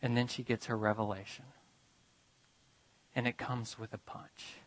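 A man preaching a sermon, retelling a story dramatically and moving between urgent, rising passages and hushed, drawn-out ones. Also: on the low side, flat delivery, poor audio. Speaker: pastor.

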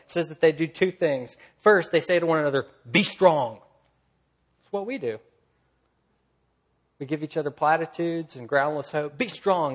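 Guy preaching, kinda high voice, gets loud telling stories then drops real quiet. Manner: earnest preaching, rising loud in stories, dropping soft and low. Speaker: pastor. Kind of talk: sermon.

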